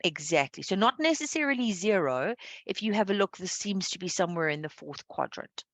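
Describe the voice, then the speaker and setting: A woman's voice: mid-range voice, expressive, fairly quick, no room sound. A woman teaching a live online maths lesson, explaining patiently and checking understanding with a frequent "okay". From South Africa.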